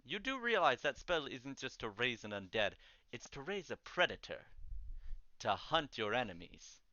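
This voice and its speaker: A man's voice: medium pitch, sing-song, bright, forceful tone, dry recording, muffled recording. Man doing a pompous, formal school headmaster. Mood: puzzled. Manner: formal, measured speech-giving. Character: calm, pompous older male school headmaster.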